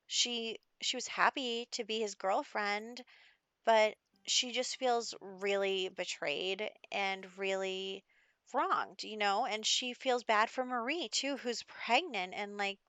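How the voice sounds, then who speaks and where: A woman's voice: mid-range voice, a bit bright, no echo. A woman casually narrating her life-simulation gameplay as a storytelling host, chatty and full of "like" and "you know". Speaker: Sims let's play host.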